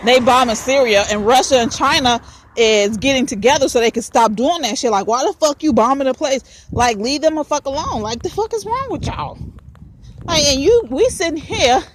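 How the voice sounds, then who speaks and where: A woman with a high voice that leaps up and down as she rants, swearing freely and preaching at her listeners. She delivers the monologue as the host of her own audio show, and a faint hiss sits under her voice. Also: animated, moderate pace. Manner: profane, preachy, fired-up. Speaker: podcast host. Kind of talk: ranting spoken monologue.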